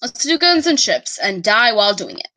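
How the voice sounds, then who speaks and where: A woman's voice: medium pitch, big pitch swings, normal speed, sharp tone, low-quality recording. A woman casually singing and rapping along to a musical at home, chatting playfully between songs.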